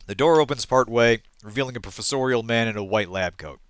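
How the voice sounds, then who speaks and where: A man hosting a let's play, reading game text aloud and thinking out loud, often trailing off and correcting himself. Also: medium pitch, quick pace, smooth.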